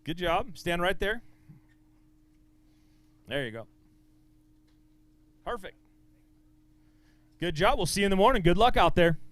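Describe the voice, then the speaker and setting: Upbeat high-voiced man announcing a weigh-in. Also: animated, no room sound. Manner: upbeat, encouraging, quick banter with anglers. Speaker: tournament weigh-in emcee.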